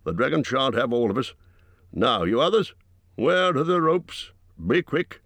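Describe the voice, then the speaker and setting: A man voicing a proud, stern dwarf king who barks brisk orders in a storybook reading. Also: medium pitch, sing-song, a bit bright, no room sound, voice pushed up, full character voice. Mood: commanding.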